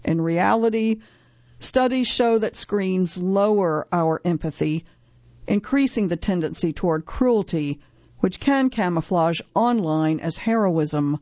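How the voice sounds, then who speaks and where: Reading from a script, a woman delivers a news feature evenly and deliberately. There's no echo; the sound is dry, a bit dull, and fairly quiet.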